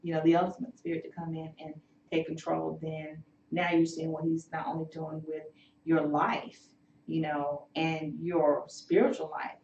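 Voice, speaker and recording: A woman hosts a health segment in an encouraging tone full of fillers. Her voice sits a little low. The sound is dull and roomy, picked up from some way off the mic. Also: flat delivery, normal speed, darkish tone, far from the mic, a little hiss or hum. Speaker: host. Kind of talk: health show chat.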